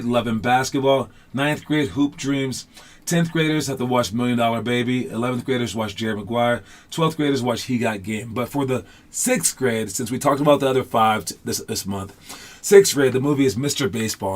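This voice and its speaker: Chatty upbeat male basketball coach. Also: mid-range voice. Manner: loose and chatty, many fillers; upbeat and encouraging. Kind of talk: casual online class talk.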